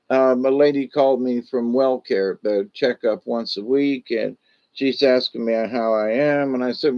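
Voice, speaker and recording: A man's voice: medium pitch, a little mellow, highs cut off. A man chatting casually on a livestream from home, rambling in a folksy, repetitive way and leaning on "you know". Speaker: livestream host.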